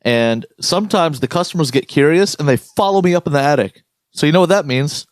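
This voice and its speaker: A man's voice: fairly high pitch, fairly quick, no room sound, studio quality. Profane ranting man. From United States. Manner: profane, ranting, animated storytelling. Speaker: podcast co-host. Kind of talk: casual chat.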